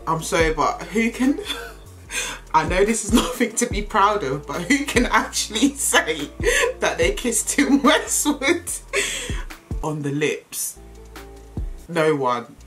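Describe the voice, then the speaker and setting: A woman's voice: mid-range voice, a bit bright. A woman in her twenties with an Essex accent, chatting casually to camera in a confessional vlog, laughing often. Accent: Essex English. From Essex, England. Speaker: vlogger.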